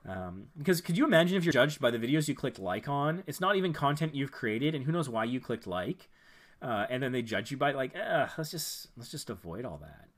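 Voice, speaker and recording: A man hosting a casual live stream, reviewing viewers' channels. He thinks out loud, rambles a bit with fillers and restarts, and gives friendly advice. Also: medium pitch, lively intonation, fairly quick.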